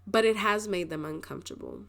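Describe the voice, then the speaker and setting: A woman's voice: mid-range voice, fairly quick, gravelly, a bit bright. A young adult woman giving a casual pick-a-card tarot reading, chatty and rambling, often restarting her sentences and laughing. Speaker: tarot reader.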